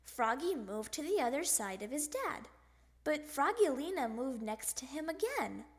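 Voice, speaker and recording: A woman reading a children's picture book aloud with an expressive, animated delivery and sound effects. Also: high voice, unhurried. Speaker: storybook reader.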